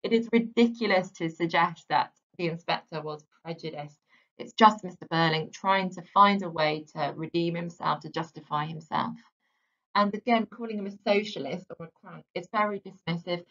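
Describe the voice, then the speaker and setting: A woman teacher giving a literature lesson in a steady, explanatory way, stressing key words. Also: on the low side, normal speed, highs cut off.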